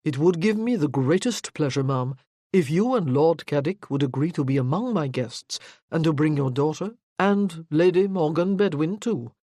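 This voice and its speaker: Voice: mid-range voice, moderate pace, warm tone, no room sound, studio quality, close to an everyday voice. A narrator voicing a courteous, worldly earl with a French accent in an audiobook. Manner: smooth and formally polite. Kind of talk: audiobook character voice.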